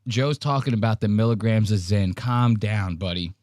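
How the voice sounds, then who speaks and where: A man's voice: fairly low pitch, normal speed, no room sound, clean studio sound. A man hosting a casual podcast, telling crude stories with lots of laughing. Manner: animated, laughing, crude storytelling. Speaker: podcast host. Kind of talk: casual chat reacting to clips.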